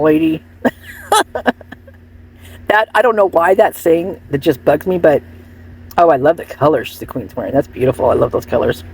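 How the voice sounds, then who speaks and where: A woman hosting a casual commentary vlog, gossipy and rambling, with a husky voice. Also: low-pitched, darkish tone. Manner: rambling, gossipy, frequent restarts and laughs. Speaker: channel host commenting on celebrity photos.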